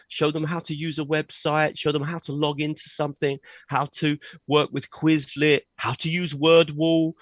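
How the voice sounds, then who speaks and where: A man leading a live online teaching workshop and demonstrating software on a video call, checking in with "okay?" as he goes. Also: fairly high pitch, dry recording. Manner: energetic, frequent "okay?" check-ins. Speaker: teacher trainer. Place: at a computer sharing his screen.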